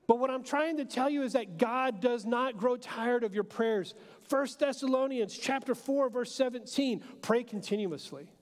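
A man in his thirties, a pastor preaching a sermon in a relaxed, joking way, full of fillers. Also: very high voice, normal speed, few pauses. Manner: casual and joking, with many fillers. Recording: long hall reverb.

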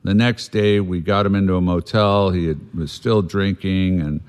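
Man, very low voice, blunt, swears freely, rambling but earnest storyteller. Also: steady tone, moderate pace, a little mellow, smooth. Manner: earnest and reflective about making amends. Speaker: guest sharing a recovery story. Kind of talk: candid conversational storytelling.

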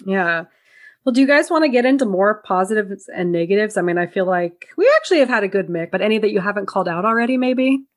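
A young woman co-hosting a casual movie review podcast, animated and swearing, acting out characters' lines. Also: medium pitch, fast talker. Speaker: podcast co-host.

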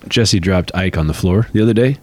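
A man's voice: deep voice, a little fast, no echo. A man from Long Island co-hosting a casual podcast, telling stories with playful energy. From Long Island, New York. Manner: animated, playful storyteller. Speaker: podcast co-host. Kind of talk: casual chat.

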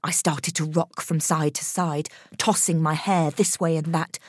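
A woman narrating a horror story in a measured, expressive reading voice. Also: sits low, no room sound, clean studio sound.

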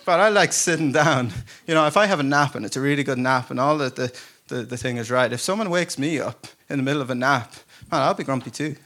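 A male pastor preaching to his congregation with a relaxed, chatty delivery. He tells stories like a friend would, pokes fun at himself and often breaks into a laugh. His voice sits at an ordinary middle pitch for a man. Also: fast talker, hardly any pauses. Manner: casual storytelling, self-deprecating humor, laughs often. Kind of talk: conversational sermon. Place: church service before a congregation.

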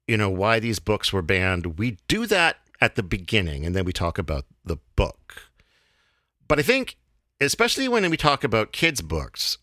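A man hosting a casual podcast, talking in a halting way with many fillers and restarts. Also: mid-range voice, pushed and bright, no echo, studio quality. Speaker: podcast host.

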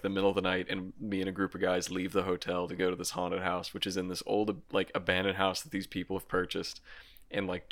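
A man's voice: sits low, fairly bright tone, no room sound. A man telling a story in casual chat, rambling with lots of filler words.

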